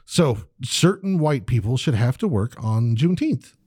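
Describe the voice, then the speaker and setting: A man rants through a loose podcast chat, swearing nonstop and slipping into mocking voices of the people he mocks. His voice sits in an ordinary middle pitch. The recording is dry and close, with no room sound. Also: sing-song, moderate pace, darkish tone, breathy edge, dry recording. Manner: ranting, swears constantly, mimics people. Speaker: podcast co-host. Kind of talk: profane casual chat.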